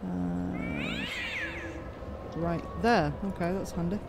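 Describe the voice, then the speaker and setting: A man's voice: high voice, animated, measured pace, noisy background. A man giving casual, joking commentary while playing a video game, thinking aloud. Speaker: let's play gamer. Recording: game sounds and music behind.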